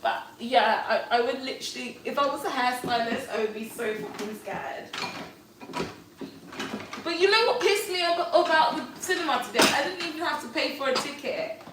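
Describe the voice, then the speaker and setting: A young woman tells gossipy stories in loose slang, sprinkled with swearing. She sits well back from the mic in a heavily echoing room. Steady noise runs beneath her fairly high voice. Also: normal speed. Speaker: friend of the host. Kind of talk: casual chat. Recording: distant, echoey room with steady background noise.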